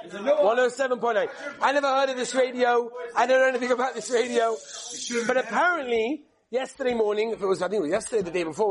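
High-voiced man teaching a lively class. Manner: rambling, chatty storyteller who jokes with the room. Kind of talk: live Torah class with joking asides. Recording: live room with audience crowd. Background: audience murmuring and laughing.

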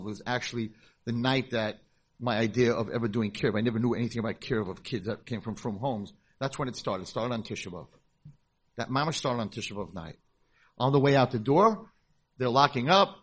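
A middle-aged man, a rabbi, telling a story to a convention audience in a lively way and acting out the voices in it. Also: mid-range voice, slightly rough. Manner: animated storytelling, acts out voices in dialogue. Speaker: rabbi and speaker. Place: convention hall, live talk.

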